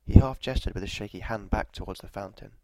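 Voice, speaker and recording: A man narrating a scripted story in a measured, even delivery, with walking directions at the end. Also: on the low side, gravelly, rough recording.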